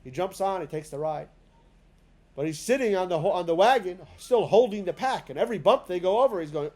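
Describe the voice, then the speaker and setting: A man giving a spoken lesson to a class, with a fairly high voice. He talks in a relaxed, conversational way and often restarts his sentences and fills gaps with small words. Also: a little fast. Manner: conversational, many fillers and restarts. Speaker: teacher of a synagogue class. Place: synagogue classroom.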